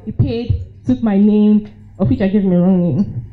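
This live recording, dull and lo-fi with soft music underneath, features a young woman with a Nigerian accent. Her pitch is medium and her speed normal as she recounts something from her own life, laughing a lot and acting out her reactions.

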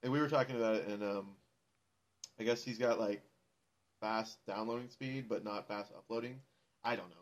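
A man's voice: on the low side, normal speed, pauses often. A man co-hosting a casual group chat, rambling along and swearing freely. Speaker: podcast co-host.

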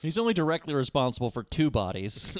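A man's voice: mid-range voice, sing-song, fast, clear, resonant tone, no echo. A man co-hosting a casual film review podcast, wry and playful, laughing at his own bits. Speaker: podcast co-host.

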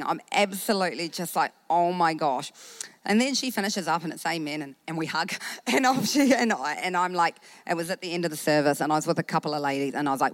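A woman pastor with a New Zealand accent preaches through a personal story. Her voice sits a little low and she acts out the people in it with lively energy. The sound is close and dry. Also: no room sound. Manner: animated storytelling with acted-out quotes.

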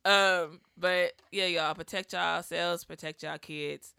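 A woman's voice: lowish voice, fairly even intonation, takes it slowly, creaky, pushed and bright, smooth, dry recording. A woman in her thirties co-hosting a podcast in casual chat, blunt and profane, joking often, close to the microphone. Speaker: podcast co-host. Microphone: close studio microphone.

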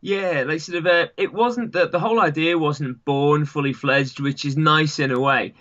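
An English man chats as the guest, rambling and leaning on "sort of" and "you know" between thoughts. His voice is bright and forceful. The recording sounds dull and lo-fi. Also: fairly high pitch, normal speed. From England. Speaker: guest, long-distance runner. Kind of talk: casual interview chat.

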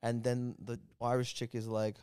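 Male podcast co-host, animated and foul-mouthed, dry studio sound. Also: medium pitch, normal speed, smooth, dry recording. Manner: profane, animated, acts out voices in stories. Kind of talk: casual banter, storytelling.

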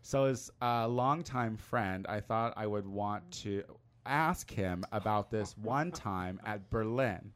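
A man's voice: slow, clean tone. A man hosting a podcast, reading a listener question and trading crude, joking banter in a casual chat. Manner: crude, joking banter with lively pitch swings. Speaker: podcast host.

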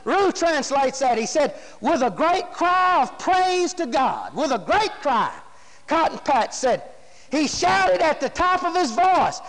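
Casting: high-voiced male preacher, shouting revival style, long reverberant hall. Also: expressive, measured pace, creaky. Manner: shouting, Southern preacher cadence. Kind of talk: fiery revival sermon.

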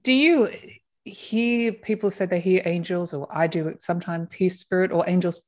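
A woman hosting an interview, asking gentle questions and encouraging her guest. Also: on the low side, normal speed. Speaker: interview host. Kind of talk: casual interview.

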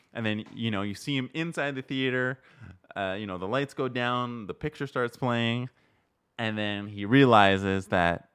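A man's voice: mid-range voice, moderate pace, fairly bright tone, smooth. A man telling a story in casual chat, rambling with many fillers and acting out quotes. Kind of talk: casual podcast chat about films.

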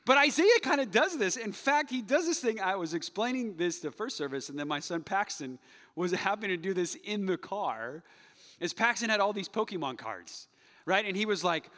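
A middle-aged pastor preaches with a high, bright voice that swings widely in pitch, playful and teasing as he acts out quotes. His words ring out with a long reverb through a big church hall. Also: very animated, normal speed. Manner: playful, mocking voices when quoting. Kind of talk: sermon.

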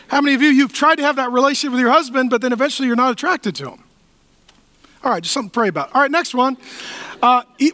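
Brief: man, pastor mid-sermon, quips and voices bits of dialogue; high-pitched, dry close sound. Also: bright, forceful tone, no room sound. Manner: conversational, jokey preaching with acted-out quotes.

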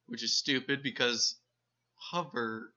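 A man's voice: mid-range voice, fairly even intonation, takes it slowly, sharp tone. Rambling jokey man on a lo-fi podcast. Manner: rambling, jokey, searches for words. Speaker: podcast co-host. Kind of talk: casual joking chat.

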